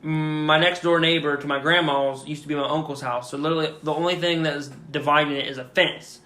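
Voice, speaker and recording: A man's voice: on the high side, fairly even intonation, fairly quick, pushed and bright. A man co-hosting a podcast, chatting casually and profanely while telling stories. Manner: profane, storytelling. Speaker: podcast co-host. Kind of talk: casual chat. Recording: roomy echo.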